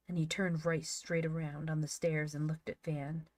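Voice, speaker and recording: A woman's voice: deep voice, little pitch movement, moderate pace, darkish tone, dry recording. A woman reading a storybook aloud as narrator, with occasional small slips. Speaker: audiobook reader.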